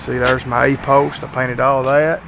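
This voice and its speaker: Chatty man with a gravelly voice. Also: mid-range voice, level tone, a little slow, background noise. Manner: chatty, rambling, lots of fillers and restarts. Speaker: vlogger showing his repainted car. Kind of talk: casual walkaround vlog. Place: outdoors by a car at dusk.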